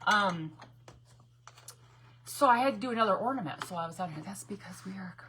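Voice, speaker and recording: A woman's voice: medium pitch, animated, brisk, fairly bright tone, husky. A middle-aged woman chatting casually with her viewers during a live craft stream from her home craft room, laughing often and greeting people by name.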